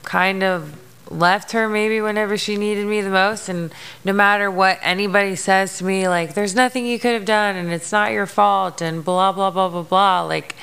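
A young woman hosts her podcast in a frank, emotional monologue. Her voice has a gravelly fry, yet it stays smooth and resonant. She swears freely and leans on fillers. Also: mid-range voice, fairly even intonation, normal speed, a bit bright. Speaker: podcast host. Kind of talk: candid personal monologue.

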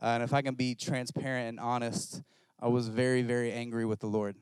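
A male pastor preaching a sermon, telling a story in an animated, self-mocking way. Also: mid-range voice, brisk, smooth, no echo.

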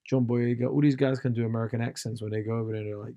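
A man's voice: mid-range voice, fairly even intonation, very fast, few pauses, dark tone, no echo. A British man hosting a podcast, a stand-up comic delivering a slangy, ranting comedic monologue. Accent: British English.

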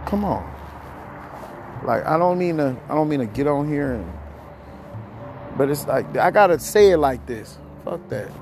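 A man rants on his podcast in a rough, gravelly voice, cursing freely as his thoughts tumble out. He sounds a little short of breath as he vents, and faint music plays in the background. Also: mid-range voice. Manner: profane, heated, rambling. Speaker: podcast host. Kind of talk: ranting monologue.

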